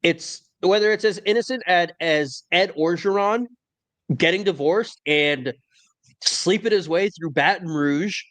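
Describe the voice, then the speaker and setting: A man's voice: high-pitched, measured pace, fairly bright tone. A man hosting a casual college football podcast, talking in a wry, opinionated way. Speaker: podcast host. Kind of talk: casual sports talk.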